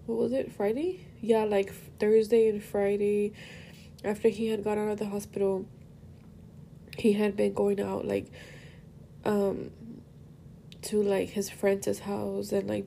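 Tearful young woman with a gravelly voice. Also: medium pitch, dark tone, a little hiss or hum. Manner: emotional, rambling, switches between English and Spanish. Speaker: podcast host. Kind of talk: personal monologue.

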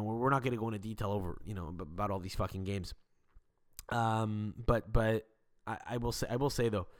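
A man's voice: on the low side, fairly bright tone. Rambling, swearing male podcast host. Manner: rambling, profane, stuttering restarts. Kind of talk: casual solo podcast rant. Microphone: desk mic without arm.

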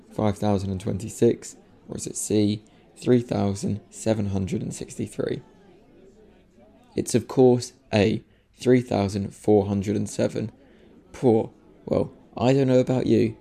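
A man's voice: on the low side, measured pace, vocal fry, warm tone. A man hosting a casual podcast, jokey and self-mocking as he introduces clips. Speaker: podcast host.

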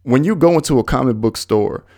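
A young man hosting a podcast, telling stories casually in an animated, profane, slangy way. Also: mid-range voice, a little fast. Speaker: podcast host. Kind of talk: casual storytelling monologue.

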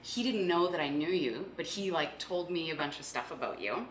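Low-voiced woman in echoey chat. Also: expressive, a little hiss or hum. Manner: laughs often, quick agreeing replies. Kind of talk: casual chat. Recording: echoey room.

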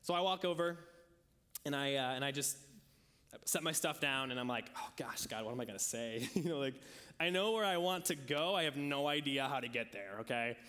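A man's voice: fairly high pitch, normal speed, pushed and bright, big-room sound. A man preaching a sermon in a casual storytelling way, acting out the voices of people he quotes. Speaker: pastor.

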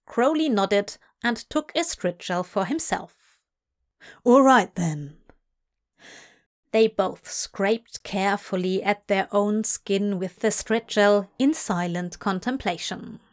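A woman reading a story aloud in a soft, hushed voice that drifts into whispers. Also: mid-range voice, measured pace, hardly any pauses. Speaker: audiobook reader. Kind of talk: narrating fan fiction aloud.

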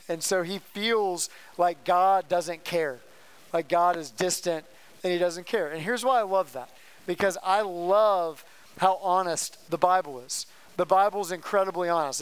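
A young man preaching a casual, conversational sermon to high school students as their youth pastor. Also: clear, resonant tone.

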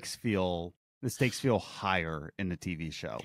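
A man co-hosts a podcast in a low voice, chiming in with short, laid-back remarks. The close mic leaves his voice dry, with no room sound. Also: expressive, a little slow, no echo. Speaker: podcast co-host. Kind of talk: casual podcast chat.

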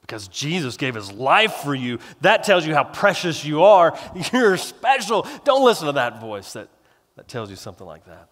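A man's voice: fairly high pitch, very animated, normal speed, a bit bright. A male pastor preaching a sermon in a conversational, emphatic way, drawing out stressed words. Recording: long reverb of a large hall.

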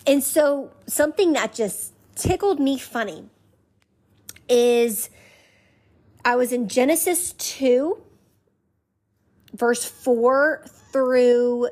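A woman's voice: sits high, expressive, takes it slowly, pauses often, a little mellow. A woman hosting a faith podcast, teaching conversationally and repeating key phrases in an emphatic rhythm while inviting listeners to say them back. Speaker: podcast host.

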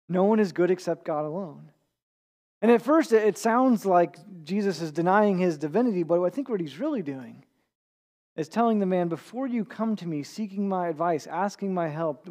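A man's voice: high-pitched, darkish tone. A man preaching a sermon in an earnest, conversational way, with small restarts and repeated words. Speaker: pastor.

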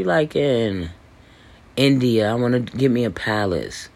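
A man hosting a podcast, talking in a loose, boastful monologue full of fillers, restarts and swearing, with hiccups and throat clearing. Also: medium pitch, expressive, unhurried, a little mellow. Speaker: podcast host. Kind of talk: rambling casual monologue. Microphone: voice message recording.

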